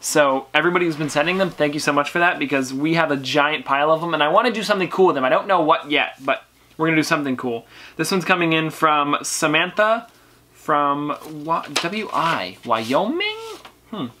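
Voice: medium pitch, lively intonation, fairly quick, pushed and bright. A teenage YouTube host chatting casually while reading viewers' letters aloud, upbeat and talkative. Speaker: YouTube collector channel host. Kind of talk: casual mail-opening vlog.

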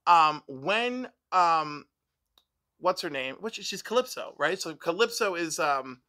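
Animated woman reviewing a film. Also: takes it slowly. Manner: animated, retells scenes and acts out characters' lines in a higher voice. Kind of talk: casual chat reviewing a film.

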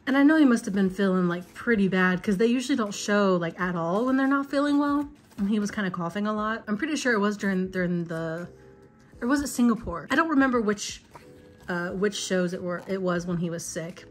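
A young woman talks her way through an unboxing in a chatty, gushing way, often overcome with excitement. Her voice sits at a middle pitch, and soft music plays faintly behind her. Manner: gushing, emotional, chatty fan talk. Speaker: vlogger. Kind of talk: casual unboxing chat.

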